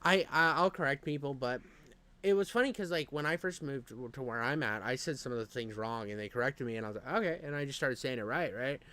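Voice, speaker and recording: A man from Nevada talks loosely in a casual chat. His pitch sits in an ordinary middle range and his speech is loose and rambling. He fills it with swearing and keeps calling the listener dude and bro. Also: fast, pushed and bright. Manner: rambling, profane, says "dude" and "bro" a lot.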